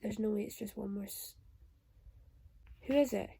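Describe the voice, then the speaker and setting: A woman's voice: medium pitch, normal speed, creaky, mellow, husky. A young woman vlogging emotional reactions aloud as she reads a novel. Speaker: booktuber reading a novel. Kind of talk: casual reading vlog reactions.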